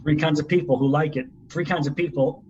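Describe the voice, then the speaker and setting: A middle-aged man co-hosting a podcast from his laptop, tossing out dry quick one-liners in casual chat. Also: fairly high pitch, fairly even intonation. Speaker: podcast co-host. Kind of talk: casual chat over a video call. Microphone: laptop mic on a video call. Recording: dull lo-fi call audio with faint noise.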